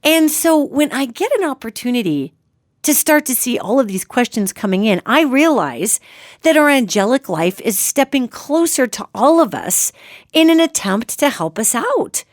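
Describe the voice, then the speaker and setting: A woman's voice: on the high side, big pitch swings, moderate pace, no echo, studio quality. A middle-aged woman hosting a solo podcast, talking earnestly and chattily to her listeners. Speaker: psychic podcast host.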